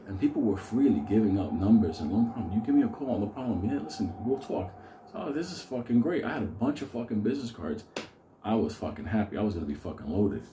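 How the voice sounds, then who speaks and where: A middle-aged man spins a long, rambling tale, swearing constantly and laughing through it. His voice is mellow and dark. The sound bounces around a roomy, echoey space. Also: on the low side, a little hiss or hum. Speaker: storyteller host. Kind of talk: profane comedic storytelling.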